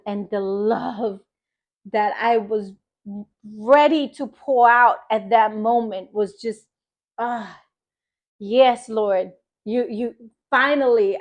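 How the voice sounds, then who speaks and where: Expressive woman telling a faith testimony. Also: on the high side, slow, long pauses. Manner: expressive, emphatic, animated quoting of others. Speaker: faith podcast host. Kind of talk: personal testimony storytelling.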